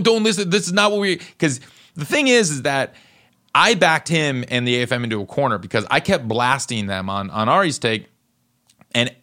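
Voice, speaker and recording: A man hosting his own show, telling a story in an animated, profane way and acting out the people he quotes. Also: fairly low pitch. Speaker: podcast host.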